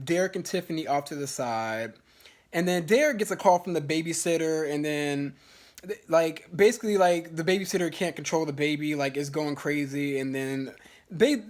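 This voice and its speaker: A vlogger giving a casual, profane, gossipy TV episode review, full of fillers and restarts. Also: medium pitch. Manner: chatty, blunt, profane, gossipy; fillers and restarts, lively swings in loudness.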